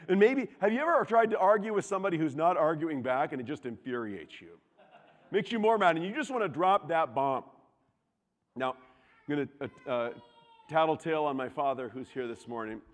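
A young adult man preaching a sermon, telling stories with animated swings from loud outbursts to hushed asides, in a church. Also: on the high side, fairly quick. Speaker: pastor. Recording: long hall reverb.

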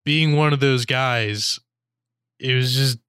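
Rambling casual man, smooth dry voice. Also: mid-range voice, slow pace, a bit bright, dry recording. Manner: rambling, heavy use of "like", mock quoting characters. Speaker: podcast co-host. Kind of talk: casual chat reviewing a movie.

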